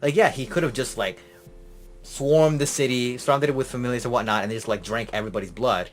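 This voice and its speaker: A man's voice: mid-range voice, brisk. A man co-hosting a casual podcast in a mid-range voice. He teases his co-host with dry humor and trips over his words, starting lines over. Faint music sits underneath. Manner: dry teasing humor, hesitant restarts. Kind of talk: casual chat.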